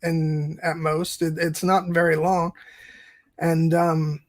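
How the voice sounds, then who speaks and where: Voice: medium pitch, flat delivery, slow. A podcast co-host in casual film review chat, hesitant and thinking aloud with many restarts.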